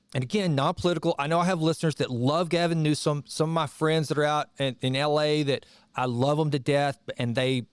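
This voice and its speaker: Podcast host, middle-aged man, conversational and digressive, fairly high voice, dry close sound. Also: no room sound. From Texas. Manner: conversational, digressive, chatty asides. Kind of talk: casual monologue reading and commenting on an article.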